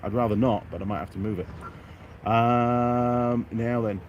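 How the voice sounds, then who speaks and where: A man's voice: mid-range voice, fairly even intonation, measured pace, dull audio, slight background noise. A middle-aged man from York, England, hosting a casual outdoor live stream, chatting and reading out viewer comments by name in a self-deprecating way.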